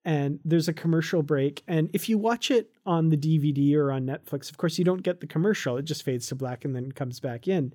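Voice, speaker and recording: Podcast co-host, chatty and enthusiastic, mellow tone, mid pitch, laughs a lot. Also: brisk, hardly any pauses. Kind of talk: casual chat reviewing a comic.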